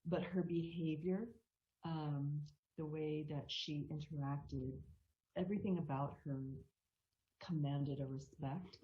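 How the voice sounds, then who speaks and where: A woman's voice: low voice, fairly even intonation, slow. A woman co-founding a wolf sanctuary, answering earnestly in a live Q&A. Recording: muffled sound.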